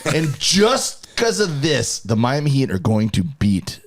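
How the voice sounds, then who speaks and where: A man's voice: medium pitch, very animated, a little slow. A man co-hosting a comedy podcast, joking and teasing in casual chat. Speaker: podcast co-host.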